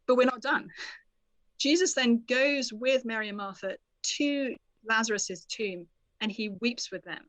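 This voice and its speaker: A woman author, a podcast guest, explaining a Bible passage in an animated, storytelling manner. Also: on the high side, unhurried, no room sound. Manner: animated storyteller, quotes scripture expressively. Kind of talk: conversational Bible teaching.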